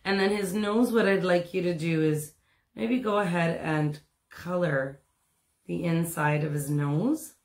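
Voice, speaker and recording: Low gravelly woman teaching kids to draw. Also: steady tone, measured pace, a little mellow, reverberant. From Canada. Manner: chatty and encouraging, many ums and asides. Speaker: art teacher. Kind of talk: step-by-step drawing lesson for children.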